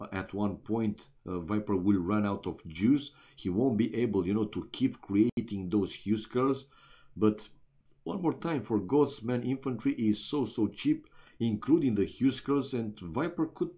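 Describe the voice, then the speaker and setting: A man from Romania commentating a strategy game match live, sitting at the lower end of the male range. His tone is warm and mellow. He talks loosely and chats with the viewers as he goes. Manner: chatty, talks straight to chat viewers, many "uh" and "man". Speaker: esports caster.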